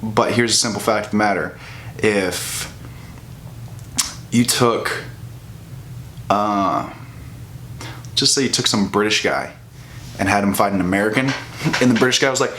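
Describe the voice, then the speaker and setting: A man's voice: lowish voice, unhurried, pauses often, sharp tone. A young man venting in a casual, profane commentary rant, full of restarts and mocking asides. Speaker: bodybuilding vlogger.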